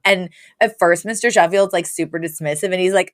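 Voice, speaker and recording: A woman co-hosting a podcast, telling a story in a loose, chatty way with plenty of laughs and "like"s. Her voice sits at an average pitch. It is recorded close and dry. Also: normal speed, no room sound. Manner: animated storytelling with frequent laughs and filler likes. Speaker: podcast co-host recapping an episode. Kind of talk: casual chat.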